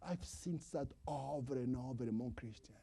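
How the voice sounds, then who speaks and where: A male preacher delivering a sermon in non-native English, swinging from emphatic calls to hushed whispers and repeating lines for emphasis. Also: mid-range voice, normal speed, vocal fry, breathy edge.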